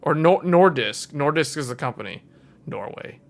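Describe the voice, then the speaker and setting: Guy on a tech livestream, voice a bit on the high side, rambling and fixing himself as he talks. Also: expressive, moderate pace, vocal fry, a little hiss or hum. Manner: thinking aloud, self-correcting, chuckling. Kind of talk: casual livestream commentary.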